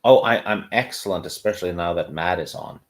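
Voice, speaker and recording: A man on a podcast panel, teasing in a deadpan way during casual chat. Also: low voice, brisk.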